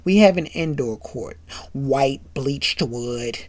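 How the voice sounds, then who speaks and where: A narrator voicing a smooth-talking, boastful male TV host who brags in a low, slow voice. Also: animated, no room sound. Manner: low, slow, smooth bragging; croons a song.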